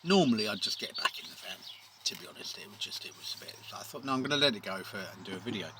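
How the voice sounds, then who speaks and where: A man's voice: lowish voice, lively intonation, racing. A man, a painter and decorator, telling a rambling story to camera outdoors, with wry asides and many ums. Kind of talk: casual storytelling vlog. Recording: loud outdoor background noise. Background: birdsong and outdoor noise.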